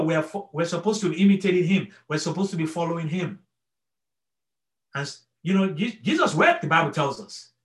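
A middle-aged man preaching with an earnest, searching delivery, stumbling through restarts and checking in with his listeners. His voice sits a little high and rings bright and forceful. The room around him is echoey. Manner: earnest, repetitive restarts, frequent "okay?" check-ins. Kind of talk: sermon.

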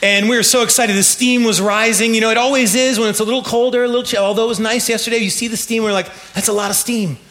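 High, bright-voiced preacher man. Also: fast talker, hardly any pauses. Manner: animated storytelling, laughing and shouting at times. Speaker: pastor. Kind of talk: sermon.

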